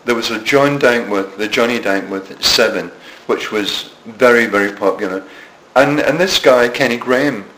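A man's voice: medium pitch, moderate pace, few pauses, a bit bright. A Scottish man in his seventies telling self-mocking anecdotes in an interview, with frequent restarts. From Scotland. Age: 70s. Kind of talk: storytelling interview. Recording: echoey room with faint noise.

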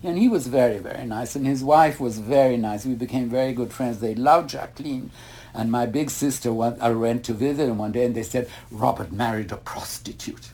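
A man's voice: medium pitch, fairly quick. An older man, a retired ballet master, telling long rambling stories in a casual interview. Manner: rambling anecdotes, animated when retelling mishaps.

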